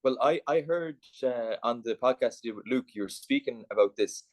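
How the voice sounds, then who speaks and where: A man's voice: medium pitch, no room sound. An Irish man chatting as a podcast guest, rambling and full of "like". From Ireland. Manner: rapid, rambling, peppered with "like". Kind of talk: casual podcast chat.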